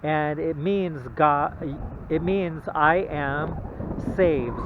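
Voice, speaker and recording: A man giving an informal Bible talk, halting and repetitive, often checking in with the listener. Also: on the high side, noisy background. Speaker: religious video presenter. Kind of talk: informal Bible teaching monologue. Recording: tinny phone-like audio.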